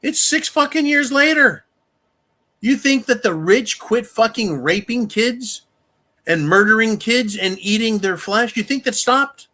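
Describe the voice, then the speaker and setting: Furious, foul-mouthed man ranting bright. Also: extremely high pitch, animated, unhurried. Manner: angry, profane, shouting bursts. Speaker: channel host. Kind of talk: live-stream commentary rant.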